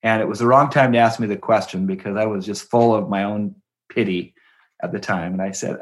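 A middle-aged man talking as a guest in a conversational interview, an animated storyteller who acts out the voices he quotes and laughs as he talks. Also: fairly low pitch, brisk. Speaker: guest, education company president.

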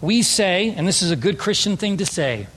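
A man's voice: high-pitched, very animated, moderate pace, a bit bright. A man preaching an emphatic, story-driven sermon as a pastor. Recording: long hall reverb.

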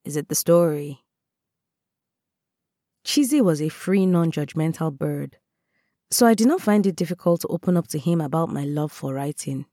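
A woman reading a first-person story aloud in a calm, measured way. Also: low voice, no echo, studio quality. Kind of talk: scripted first-person narration.

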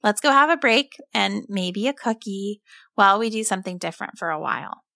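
A woman voicing a caring farm mother who talks softly and soothingly to her son. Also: mid-range voice, animated, brisk, gravelly, no room sound, clean studio sound. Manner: soft and soothing.

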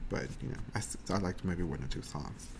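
Brief: excitable, foul-mouthed male co-host with a very lively, swinging pitch and a little background noise. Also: fairly quick, gravelly. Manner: excitable, swears a lot, laughs often. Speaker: podcast co-host. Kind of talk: casual chat.

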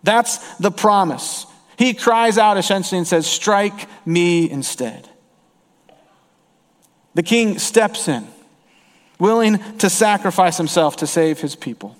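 A man's voice: sits high, lively intonation, unhurried. Earnest male preacher in a reverberant hall. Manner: earnest, rising and falling for emphasis. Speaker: pastor. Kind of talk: sermon.

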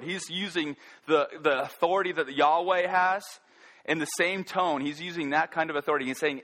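A man preaching a sermon, earnest and halting, often restarting his sentences. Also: fairly high pitch, a bit bright. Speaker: pastor.

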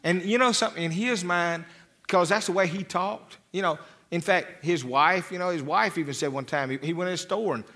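A man's voice: high-pitched, fairly quick, bright, forceful tone. A man preaching a sermon as a pastor, folksy and rambling, with frequent restarts and repeated words. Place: church.

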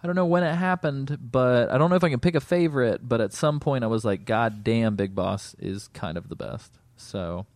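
A man's voice: medium pitch, normal speed, few pauses, darkish tone, no room sound. Laid-back man on a dry mic. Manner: laid-back, many fillers, laughs easily. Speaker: podcast co-host. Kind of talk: casual podcast chat.

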